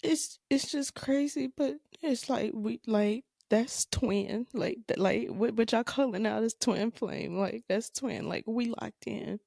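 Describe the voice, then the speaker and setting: Slow, gravelly woman telling a tearful story. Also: fairly high pitch, dark tone, no echo, clean studio sound. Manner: halting, repeats phrases, emotional. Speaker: podcast host. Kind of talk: personal storytelling.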